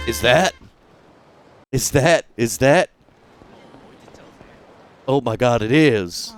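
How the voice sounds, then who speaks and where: A man's voice: mid-range voice, expressive, slow pace, long pauses, soft background music. A man streaming a game who reads the characters' lines aloud in put-on voices, joking and swearing as he plays. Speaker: streamer playing and voicing a game. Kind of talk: let's play with voiced dialogue.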